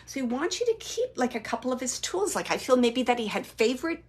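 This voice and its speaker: A psychic medium and host gives live readings, relaying spirits' messages in the first person in a loose, halting style full of "like" and "um." Her voice is on the high side with a breathy edge and big swings in pitch.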